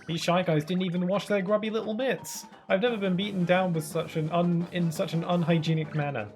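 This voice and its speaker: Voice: medium pitch, big pitch swings, fast talker, faint music behind, pitched above the performer's own voice, natural voice. A streamer voicing a frazzled, indignant Toad head chef who exclaims at the chaos.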